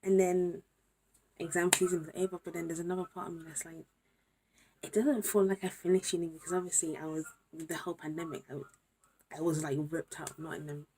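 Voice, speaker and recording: Young woman vlogger, low voice, tired, hushed and emotional, faint hiss behind. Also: fairly even intonation, a little fast. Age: young adult. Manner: overwhelmed, drifts between whispering and exclamations. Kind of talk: late-night emotional vlog to camera.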